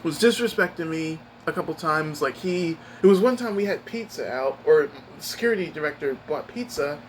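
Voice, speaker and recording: A young man with a slightly high voice rambles through a story from work, emphatic and expressive. He talks casually, piling on fillers and restarts as he vents to his viewers. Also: a little fast, a little hiss or hum, rough recording. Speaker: streamer giving a life update.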